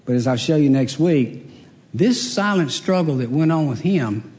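A man delivers a humorous sermon in the easy, joking manner of a storyteller. His voice sits slightly high for a man. It carries the long echo of a large church hall. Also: animated, moderate pace, a little mellow. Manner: folksy, joking storyteller with frequent laughs. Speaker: pastor.

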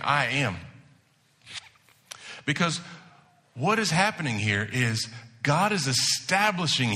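A man preaching a sermon to his church, moving between hushed asides and emphatic declarations. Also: on the high side. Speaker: pastor.

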